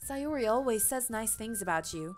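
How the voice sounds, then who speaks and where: A woman's voice: a little high, expressive, moderate pace, faint music behind, close to an everyday voice. A woman voicing a poised, popular teenage schoolgirl with a put-on British accent. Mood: polite.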